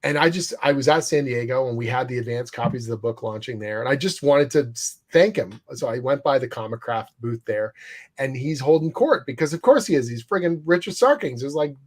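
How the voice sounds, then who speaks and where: Male guest in casual interview, animated storyteller, swears freely. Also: medium pitch, a little fast. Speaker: guest comics writer.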